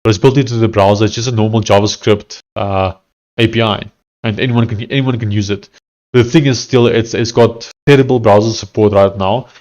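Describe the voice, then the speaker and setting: A little fast and a little mellow, his lowish voice holds a steady tone. This South African software developer streamer gives casual live-coding commentary, thinking aloud hesitantly and often restarting what he says.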